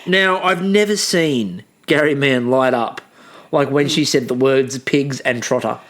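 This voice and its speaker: A man co-hosting a casual comedy recap, telling stories in an animated, ranting way. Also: medium pitch, measured pace. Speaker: podcast co-host.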